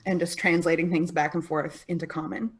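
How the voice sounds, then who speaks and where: Tabletop player, mid-pitched, quick and wry. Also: steady tone, slightly rough. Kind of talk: casual tabletop play.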